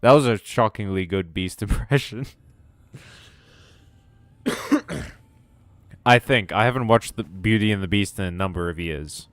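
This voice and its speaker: A man's voice: on the low side, measured pace, pauses often, no echo. A man streaming a video game, chatting casually in a rambling, joking way with some swearing. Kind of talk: casual gaming stream chat.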